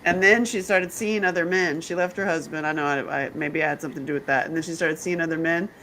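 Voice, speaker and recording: A woman's voice: low voice, fairly even intonation, fast, a bit bright, slight background noise. A woman from North Carolina hosting a podcast, telling candid, bawdy stories in casual chat and laughing often. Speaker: podcast host.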